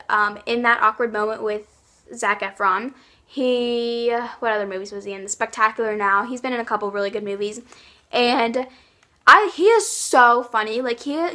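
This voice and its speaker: A woman's voice: a little high, sharp tone. A young woman chatting casually in a vlog, gushing about her favorites with lots of likes and ums. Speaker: YouTube vlogger.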